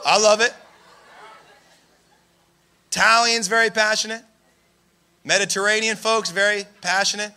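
A young man preaching a sermon, telling stories in an animated way and raising his voice for emphasis. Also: high-pitched, measured pace, pauses often, a faint crowd, a little hiss or hum. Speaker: pastor.

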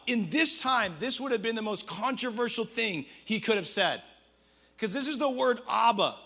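A man preaching a sermon as a pastor, energetic and humorous, with quick conversational asides. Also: very high-pitched, gravelly.

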